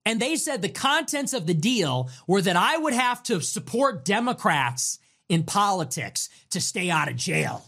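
A man hosting a livestream, ranting in a sarcastic, mocking, taunting way. He jumps between loud, high outbursts and low grumbles. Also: big pitch swings, a little slow, creaky, hardly any pauses. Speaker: livestream host.

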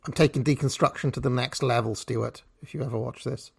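A man's voice: mid-range voice, fairly even intonation, fairly quick, gravelly, a little mellow, husky. A man giving casual, sardonic video commentary with swearing and chatty asides, recorded on a cheap microphone. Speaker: YouTube commentator. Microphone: cheap microphone instead of his usual one.

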